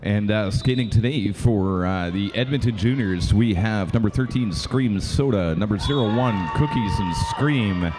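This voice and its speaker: A man's voice: lowish voice, measured pace, hardly any pauses, background noise. A man co-announcing a roller derby bout, reading the roster with some hesitant fillers and dry jokes. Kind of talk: live sports commentary.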